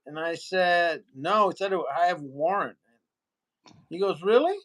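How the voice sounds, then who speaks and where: Male interview guest, higher voice, lively raconteur who voices the people in his story. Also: a little slow. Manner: animated storyteller, acts out other people's lines.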